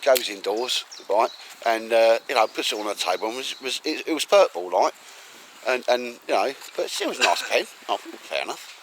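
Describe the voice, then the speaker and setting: A man's voice: medium pitch, animated, normal speed, noisy background. A man vlogging outdoors in woodland, rambling and joking and laughing often as he talks. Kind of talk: casual walk-and-talk vlog.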